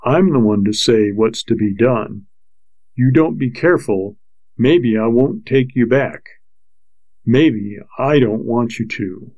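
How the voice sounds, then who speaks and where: A man reading a novel aloud, voicing a drunken husband whose slow, fuzzy speech turns shaky with fury. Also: medium pitch, darkish tone, dry recording, highs cut off. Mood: furious. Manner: slurred and slow, then shaking with fury. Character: drunken, violent frontier husband, grown man. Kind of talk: audiobook character voice.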